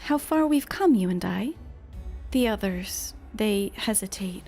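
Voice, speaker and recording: Whispered role-play: woman voicing a solemn shadow spirit, breathy with a gravelly edge. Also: mid-range voice, animated, a little slow, a little mellow, faint music behind.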